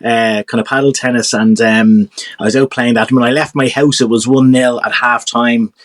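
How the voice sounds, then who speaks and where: A man's voice: mid-range voice, fairly even intonation, normal speed, no echo. A man guesting on a casual football podcast, jokey and upbeat, chuckling as he talks.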